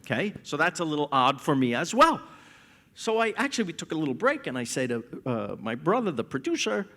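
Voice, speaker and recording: Man guest, high voice with a big swooping range, tells stories with a laugh, self-mocking, live on stage. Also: big pitch swings, brisk, sharp tone, slight background noise. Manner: laughs often while telling stories, playful self-mockery. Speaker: guest at a live talk event. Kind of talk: animated anecdotal storytelling. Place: stage event in front of an audience.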